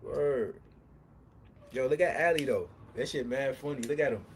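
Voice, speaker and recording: A young man from Harlem, telling a long street story on a livestream in a rambling, slang-heavy way that swings from low muttering to loud heated bursts. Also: moderate pace, slight background noise. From Harlem, New York.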